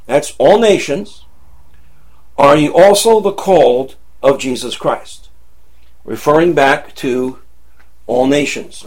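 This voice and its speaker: A man with a somewhat high voice teaches from the Bible, moving verse by verse through the passage. He keeps pausing to check in with "right?" and "okay?", and he asks his listeners questions along the way. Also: a little mellow.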